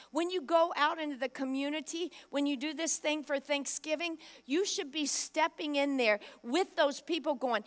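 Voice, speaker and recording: A woman's voice: high voice, normal speed, hardly any pauses. A woman pastor preaching a sermon, emphatic, acting out Bible quotes and putting direct questions to the congregation.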